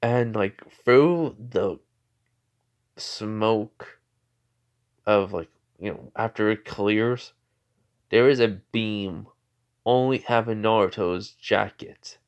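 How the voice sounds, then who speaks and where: A man's voice: on the low side, slow pace, long pauses, dull audio. A man casually making up a fan fiction story aloud, rambling with lots of "like" and "you know" and often correcting himself.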